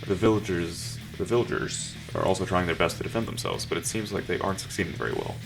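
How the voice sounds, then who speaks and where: A man's voice: deep voice, fast talker, creaky, over music. A man reading an improvised story game aloud, with dry, joking asides. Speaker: gamer narrating a text adventure.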